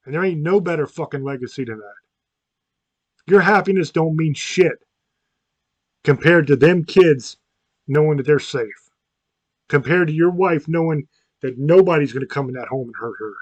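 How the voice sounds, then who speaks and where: A man's voice: a little high, moderate pace, long pauses, no echo. Blunt, swearing man on a podcast. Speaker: podcast host. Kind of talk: profane podcast monologue.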